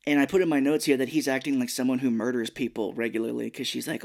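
A man's voice: mid-range voice, little pitch movement, vocal fry, darkish tone. Easygoing man recapping a movie. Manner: easygoing storyteller who slips into quick mocking voices of the characters. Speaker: podcast co-host. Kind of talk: casual chat recapping a film.

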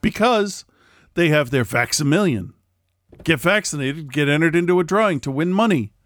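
A man's voice: a little high, expressive, moderate pace, a bit bright, dry recording. A middle-aged man in casual chat, ranting with lots of swearing and mimicking people he quotes.

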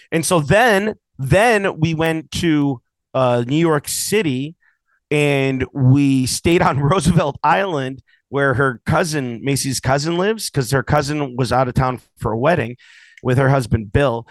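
A podcast co-host with a mid-range voice speaks unhurriedly in a dry, rough recording. He tells long, rambling stories in casual chat, full of restarts and side comments.

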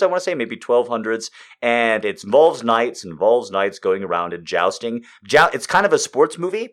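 A man in his thirties with a fairly low voice gives a loose comedic monologue, cursing freely and shifting between loud outbursts and muttered asides.

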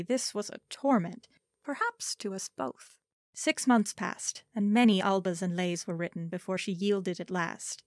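A woman reads a historical story aloud in a measured, formal way. Her voice sits at an ordinary middle pitch and comes across dry and close, with no room sound around it. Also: no room sound. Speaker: audiobook narrator. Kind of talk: scripted narration of historical fiction.

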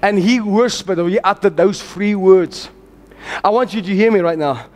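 A man preaching with a very high voice, fervent and exhorting, rising to shouts as he drives his sermon forward. He calls out lines for the congregation to echo back. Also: moderate pace. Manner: calls on the congregation to repeat after him.

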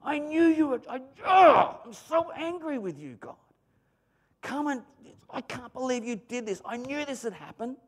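Sulking prophet, high and strained, exasperated outbursts; a male preacher doing the voice. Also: animated, moderate pace. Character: indignant grown male prophet, sulking and petulant.

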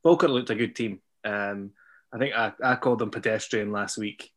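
Low-voiced football fan. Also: male voice, a bit bright. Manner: measured, hesitant analysis. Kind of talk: casual podcast chat.

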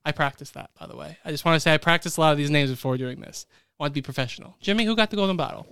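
A man's voice: a little high, rapid-fire, a bit bright, clean tone, dry recording. A young man co-hosting a casual podcast, playful, laughing often as he reads out award nominees. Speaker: podcast co-host announcing awards.

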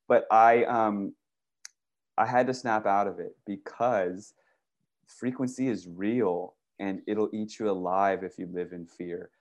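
A man talking casually and excitedly, rambling through stories with many restarts, swearing and saying "dude" and "bro". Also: lowish voice, slow, muffled recording. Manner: profane, uses "dude" and "bro". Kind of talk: casual conversation.

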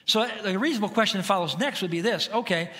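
A middle-aged man preaching in a church. His voice sits high and sounds bright and forceful, and he moves from quiet, intimate moments to loud, rousing shouts. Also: fast talker. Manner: conversational preaching, swings from hushed to shouting. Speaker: pastor. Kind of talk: sermon. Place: church sanctuary.

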